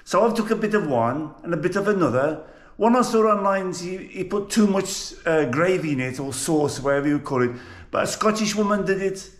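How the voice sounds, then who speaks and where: A man's voice: sits high, lively intonation, fairly quick. Chatty Brummie man in an echoey kitchen. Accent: Birmingham. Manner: chatty, jokey, rambling. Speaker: cooking vlogger. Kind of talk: casual cooking vlog. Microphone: GoPro camera. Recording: echoey room.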